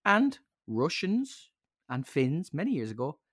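A man's voice: fairly high pitch, measured pace, breathy edge, no room sound, studio quality. A man hosting a podcast, full of jokey banter. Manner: jokey, animated banter, laughs easily. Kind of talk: casual podcast chat.

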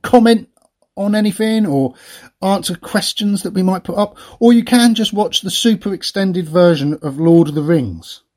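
A man's voice: sits high, moderate pace, a little mellow. A man co-hosting a podcast, talking in a chatty, rambling way and laughing often. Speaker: podcast co-host. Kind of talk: casual chat.

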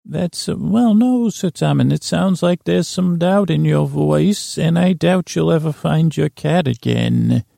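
Man doing a scheming vine mistress, silky and manipulative, dark voice, dry sound. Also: fairly high pitch, unhurried, creaky, few pauses, no echo, heavily acted. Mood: threatening. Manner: silky, wheedling persuasion. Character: scheming female vine spirit, coaxing and manipulative. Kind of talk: improvised comedy voice acting.

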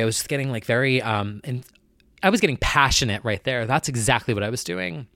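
A man's voice: medium pitch, fast, fairly bright tone, dry recording. A man talking candidly to his viewers in a personal vlog, with a nasal voice and an earnest, rambling way of talking that keeps correcting itself. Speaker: vlogger.

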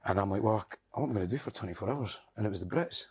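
A man's voice: lowish voice, animated, very fast, breathy edge. A Scottish man, a guest on a podcast, telling wild anecdotes in casual chat, swearing and laughing as he goes. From Scotland.

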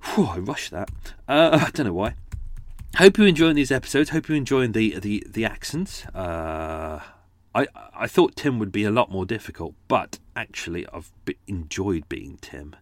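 Chatty male host, low voice, dry close sound, rambling and self-mocking asides. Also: big pitch swings, normal speed, no echo. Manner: chatty, self-deprecating, with frequent fillers and restarts; does character accents for his stories. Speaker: podcast host and storyteller. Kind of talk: casual rambling chat to listeners.

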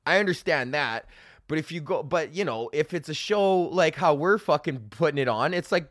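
A young man, a stand-up comic hosting his own podcast, ranting in a loose, profane, animated way and acting out what people said. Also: on the high side, normal speed, no echo, studio quality. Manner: animated, swears constantly, acts out quotes. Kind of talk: casual profane rant.

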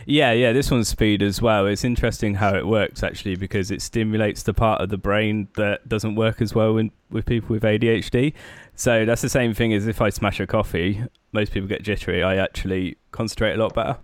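A man's voice: lowish voice, steady tone, brisk, few pauses, no echo. A man hosting a podcast in casual chat, asking easygoing questions and laughing often. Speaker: podcast host.

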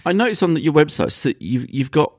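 A man with a British accent hosting a podcast, chatty and jokey, with halting, restarting questions. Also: a little high, big pitch swings, darkish tone, no echo, studio quality. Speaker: podcast host. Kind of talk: casual interview chat.

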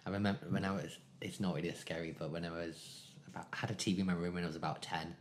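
A man co-hosting a casual podcast chat, playful and quick to laugh. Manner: playful, laughs often, very lively pitch. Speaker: podcast co-host.

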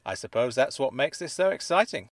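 A man reading aloud, voicing a sharp, dry-witted woman academic in a brisk, matter-of-fact way. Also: mid-range voice, very animated, dry recording. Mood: wry.

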